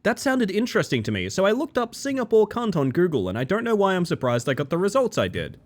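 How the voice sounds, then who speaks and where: A man chatting casually and excitably while livestreaming a game, swearing freely. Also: sits high, quick pace. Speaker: game streamer. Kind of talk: casual gaming livestream chat.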